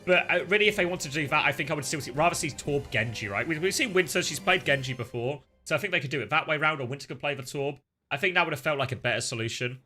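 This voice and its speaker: A man casting live esports, shifting between excitable play-by-play and chatty analysis full of fillers. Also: a little high, fast, soft background music. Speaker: esports caster.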